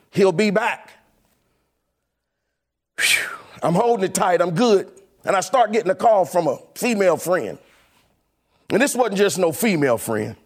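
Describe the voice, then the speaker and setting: A man telling a personal story about his years as a club DJ in a lively, casual way, often acting out the voices of the people in it. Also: sits high. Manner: animated, laughing, acts out quoted voices.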